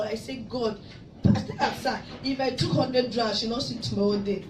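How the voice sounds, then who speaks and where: A woman from Africa giving an emotional testimony at a church service, her voice rising to loud praise. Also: mid-range voice, normal speed. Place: church hall in Abu Dhabi. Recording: echoey hall, mic far off, noisy.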